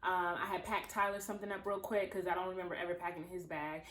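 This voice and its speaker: A woman's voice: lowish voice, flat delivery, fast, a bit bright. Chatty young woman in a roomy space. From Los Angeles, USA. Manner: chatty, talks to viewers as friends, acts out quoted voices. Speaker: vlogger. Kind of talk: casual storytime chat. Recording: roomy echo.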